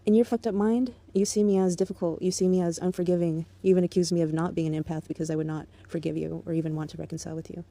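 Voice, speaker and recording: A woman's voice: fairly low pitch, steady tone, racing, few pauses, warm tone. A woman in an angry, profane monologue aimed at an ex-partner, bitter and contemptuous but controlled. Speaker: vlogger.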